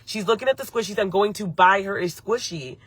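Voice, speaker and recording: A woman's voice: mid-range voice, brisk, slightly rough, no room sound. A woman hosting her channel, telling a story live to viewers in a heated, profane way and stopping to answer chat comments. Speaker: beauty channel host. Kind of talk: live-streamed story time.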